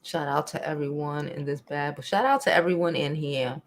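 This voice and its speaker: A young woman, hosting a casual live stream, talking bluntly and profanely, animated, and reading chat comments aloud. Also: sits low, moderate pace.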